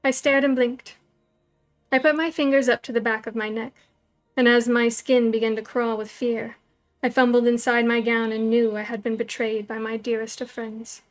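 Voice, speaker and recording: A woman storyteller reading a novel aloud, in measured, even first-person narration. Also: on the high side.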